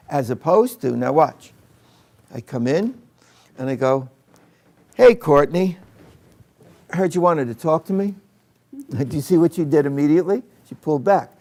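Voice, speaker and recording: A man's voice: on the high side, vocal fry, mellow. A man training teachers in a live workshop, chatting with his audience and demonstrating with a volunteer in a training room.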